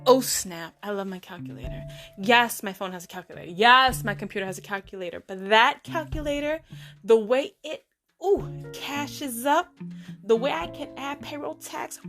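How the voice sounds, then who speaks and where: A woman hosting a podcast, telling a story in a sassy, animated way with playful slang. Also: medium pitch. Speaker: podcast host. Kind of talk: casual storytelling monologue.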